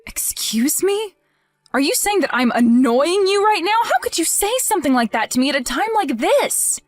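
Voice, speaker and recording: A woman's voice: sits high, very animated, brisk, soft background music. A woman playing a grieving, indignant young wife in a voiced text-message drama, emotional and accusing. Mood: hurt.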